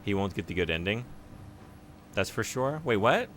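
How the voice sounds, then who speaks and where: A man chatting casually while he streams a video game, often giggling at himself. His voice sits a bit low and moves around a lot. Clear background noise sits under the stream mic. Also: sing-song, moderate pace, fairly bright tone. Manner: giggly, self-deprecating. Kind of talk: casual let's-play commentary.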